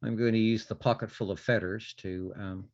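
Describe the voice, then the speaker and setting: Low-voiced man playing a tabletop game. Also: fairly even intonation, normal speed. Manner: playful, hums and sings to himself. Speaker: player. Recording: dull lo-fi stream audio.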